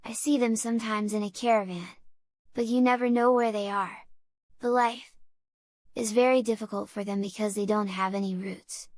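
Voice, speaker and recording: A woman's voice: medium pitch, steady tone, normal speed, darkish tone, dry recording, clean studio sound, close to an everyday voice. A woman voicing a small, simple desert flower in a storybook reading, in a light, airy manner. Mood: matter-of-fact.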